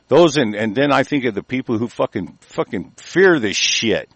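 Male host, mid-pitched, hostile and foul-mouthed, reads aloud haltingly, dry close sound. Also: animated, no room sound. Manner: aggressive, cursing, stumbles while reading aloud. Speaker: host of a commentary show. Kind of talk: angry profane news rant.

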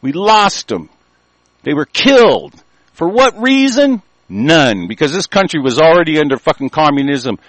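An older American man giving a profane, angry monologue, reading news aloud and commenting, swinging from low mutters to shouting. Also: sing-song, normal speed, dry recording, low-quality recording. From United States.

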